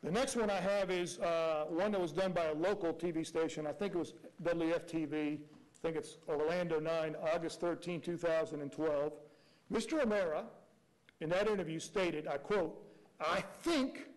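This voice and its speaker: A prosecutor with a high-pitched male voice argues before a judge. He talks in a measured courtroom manner and keeps driving his case home with pointed rhetorical questions. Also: darkish tone, rough recording. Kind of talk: courtroom argument.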